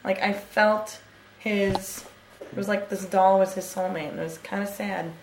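A woman's voice: mid-range voice, fairly even intonation, unhurried. A woman co-hosting a podcast in casual chat, talking freely, swearing and laughing often. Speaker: podcast co-host. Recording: echoey room with faint ambient noise.

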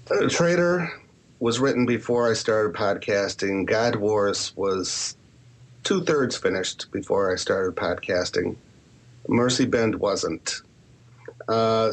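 A man who writes horror and podcasts, answering interview questions in a candid, rambling way with self-deprecating asides. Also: lowish voice. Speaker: author and podcaster.

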